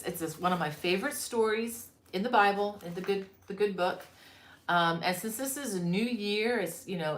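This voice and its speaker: Low-voiced chatty woman in an echoey room. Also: a bit bright. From Florida, USA. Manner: chatty, reads viewer comments aloud, laughs easily. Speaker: crochet designer hosting a live stream. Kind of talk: casual live-stream chat.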